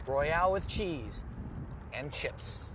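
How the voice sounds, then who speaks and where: A man's voice: a little high, lively intonation, slow pace, noisy background. A man playing an eager, clueless male tourist in a comedy sketch, talking in an overexcited, playfully dim way. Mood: giddy.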